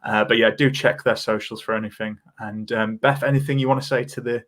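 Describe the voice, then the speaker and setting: A man's voice: medium pitch, fairly even intonation, a little fast, a bit bright. A man hosting a casual football podcast, chatty and self-deprecating with many fillers. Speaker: podcast host.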